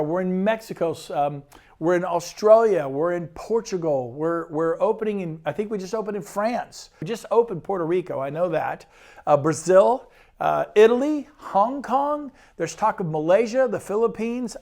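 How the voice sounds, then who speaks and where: A man, a real estate broker, giving an enthusiastic and persuasive sales pitch presentation. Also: lively intonation, a little mellow. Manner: enthusiastic, persuasive, rapid lists.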